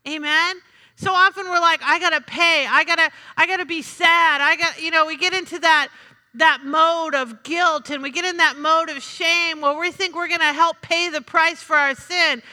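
A woman's voice: sits high, moderate pace, pushed and bright. A woman preaching a sermon in a chatty, humorous way, calling out to the congregation for responses. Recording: reverberant hall.

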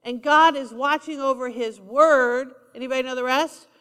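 A woman's voice: high voice, steady tone, moderate pace, fairly bright tone, smooth, big-room sound. A woman preaching a sermon, emphatic and repetitive, asking the congregation for responses. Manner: emphatic, repeats key lines, asks the congregation for responses.

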